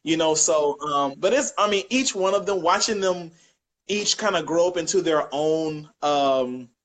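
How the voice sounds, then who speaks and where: Young guy w/ high voice, animated storyteller on a chat show, laughs into his quotes. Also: unhurried, poor audio. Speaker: guest. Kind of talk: casual chat.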